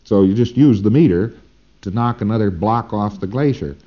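A man lectures in a loose, rambling way and keeps checking in with "see?" as he goes. His voice sits on the low side and sounds warm and mellow. It comes through a muffled, lo-fi old tape recording. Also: moderate pace.

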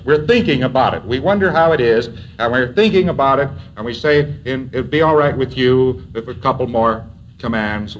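A man giving a lecture in a measured way, at times acting out both sides of a sample dialogue. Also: medium pitch, lo-fi sound, a little hiss or hum. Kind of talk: recorded lecture.

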